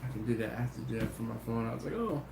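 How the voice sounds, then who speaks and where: A tired man hosting a casual livestream, telling stories in a lively way and doing voices for his friends. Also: medium pitch, racing, gravelly. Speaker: BBQ channel host. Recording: echoey room with faint noise.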